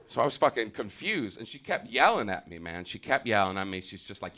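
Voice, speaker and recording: A man with an American accent doing live stand-up, loud and profane, with a lot of filler uhs. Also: fairly low pitch, very animated, fairly quick, hardly any pauses, some chatter behind, slight background noise. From United States. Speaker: stand-up comedian. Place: comedy theater stage.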